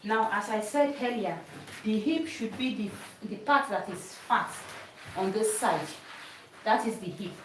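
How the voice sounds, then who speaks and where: In an echoey room, a woman's voice comes from a distance as she teaches a sewing class, demonstrating on a mannequin. Her voice is mid-range and fairly bright, her pace measured, with a little hiss or hum in the recording. Patient throughout, she repeats each step and keeps asking "did you see it?"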